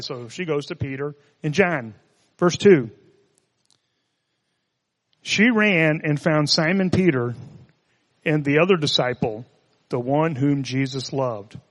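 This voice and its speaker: Male preacher, relaxed and conversational, slightly raised pitch, reverberant hall. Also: measured pace, pauses often. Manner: conversational, joking asides. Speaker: pastor. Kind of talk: sermon.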